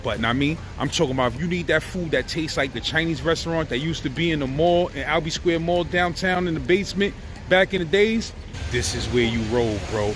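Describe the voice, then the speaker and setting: A man's voice: on the high side, a little fast, fairly bright tone, soft background music. A middle-aged man with a New York accent, talking in a loose, slangy way as he vlogs about food on a city street. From Brooklyn, New York. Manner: streetwise slang, tags every line with "you heard?". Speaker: food vlogger. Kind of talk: casual food vlog.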